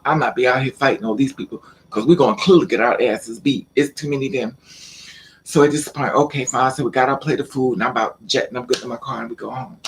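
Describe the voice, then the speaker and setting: A man vlogging, telling a personal story in a casual, animated and rambling way, with streetwise slang. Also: mid-range voice, slight background noise.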